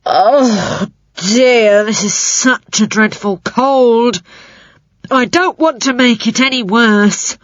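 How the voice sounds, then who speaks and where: A woman voicing a whiny male spider with a bad cold, speaking high and sniffly in a storybook. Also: slow, no room sound, highs cut off. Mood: self-pitying. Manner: high, sniffly, self-pitying.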